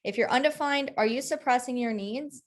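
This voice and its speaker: A woman with a high, brisk voice co-hosts a relaxed conversation, walking listeners through human design concepts. She keeps checking in with "right?" as she explains, giving it the feel of a casual teaching chat.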